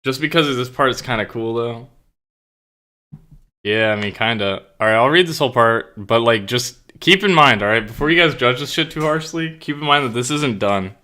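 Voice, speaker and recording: A man's voice: mid-range voice, normal speed, sharp tone. A man streaming live, chatting casually and reading his own story aloud, rambling and self-conscious, with plenty of swearing.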